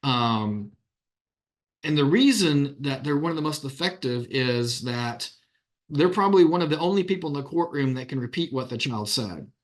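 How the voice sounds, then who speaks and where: A man's voice: mid-range voice, lively intonation, moderate pace. A man, an attorney, giving a conference talk in a plain-spoken way, acting out the questions he puts to witnesses.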